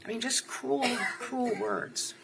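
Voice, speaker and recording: A woman's voice: on the high side, fairly even intonation, slow pace, creaky, heavy background noise. A woman from New Jersey testifying as a witness in a courtroom, giving short answers and then rambling through long stories.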